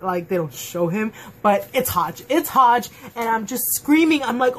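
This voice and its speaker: A woman in a casual fan review, chatting at home in an excitable, gushing way full of fillers. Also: a little high, brisk, few pauses, slight background noise. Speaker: TV episode reviewer. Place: at home, dog nearby.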